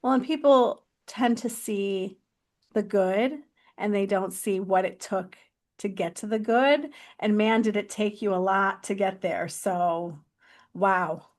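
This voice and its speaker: A woman hosts a podcast interview, asking her questions in an encouraging, supportive way. Her voice sits at an ordinary pitch for a woman. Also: slow, darkish tone. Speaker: podcast host. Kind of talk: interview conversation.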